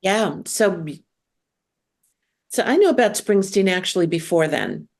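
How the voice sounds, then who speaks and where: A woman's voice: on the low side, sing-song, unhurried, gravelly, darkish tone. An older woman hosting a casual chat, telling stories in a chatty way. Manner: chatty, storytelling.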